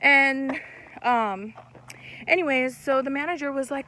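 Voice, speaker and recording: A young woman in casual storytime talk, animated and swearing, acting out what people said. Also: high-pitched, measured pace, pauses often, a little hiss or hum. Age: young adult. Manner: animated, swearing, laughs mid-story, acts out quotes. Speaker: vlogger.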